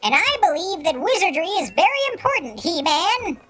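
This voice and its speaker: A squeaky, high, voice-changed streamer, a man putting it on with a pitch-raising filter, swooping all over as he goofs through silly impressions. Faint game music sits behind. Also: very animated, normal speed, pushed and bright, heavily acted. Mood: goofy. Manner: goofy, trying out silly impressions.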